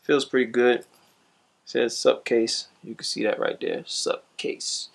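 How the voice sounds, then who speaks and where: A man casually reviewing a gadget for his vlog, talking to viewers in a laid-back, slangy way and signing off in a louder, upbeat tone. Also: mid-range voice, expressive, moderate pace, vocal fry, breathy edge.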